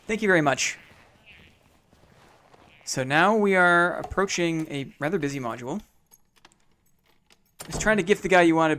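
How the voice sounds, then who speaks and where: A man's voice: high-pitched, fairly bright tone. A young man with a small-town Canadian accent, chatting casually while streaming a game, thanking viewers and making playful sound effects. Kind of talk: casual gameplay commentary.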